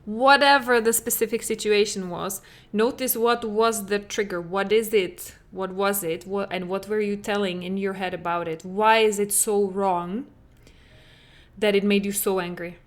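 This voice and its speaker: A woman's voice: medium pitch, fairly even intonation, moderate pace. A young adult woman hosting a parenting podcast, speaking in an earnest, conversational way with many "like" fillers. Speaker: podcast host and parenting coach. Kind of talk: solo podcast talk.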